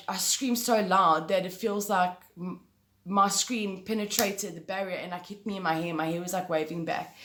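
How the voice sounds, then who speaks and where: Female vlogger, casual emphatic storyteller, mid-pitch, roomy sound. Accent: South African. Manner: animated, emphatic, swears mildly.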